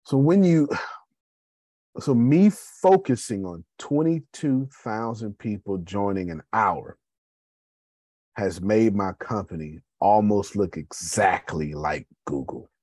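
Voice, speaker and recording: Male host, husky low voice, loose motivational business talk, dry close sound. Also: takes it slowly, mellow, no echo. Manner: conversational, addresses listeners as y'all.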